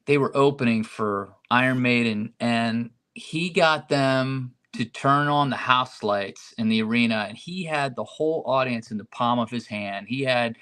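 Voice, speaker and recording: A man's voice: medium pitch, unhurried, hardly any pauses, fairly bright tone, smooth. A man, a rock singer guest, chatting casually and admiringly over a remote call, often adding "man". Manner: admiring, peppers speech with "man". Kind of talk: casual podcast chat.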